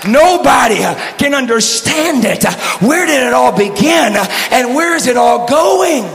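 A Texan man preaching a sermon in a rhythmic, shouted style, punctuating lines with "uh". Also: very high-pitched, lively intonation, a little slow, soft background music. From Texas. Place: church sanctuary. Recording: echoey church hall with congregation noise.

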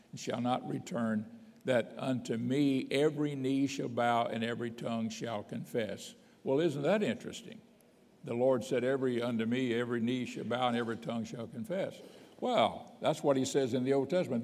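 A man's voice: mid-range voice, a little mellow, in a large hall. A man, a bishop, teaching a sermon, reading scripture aloud with emphasis between plain explanation.

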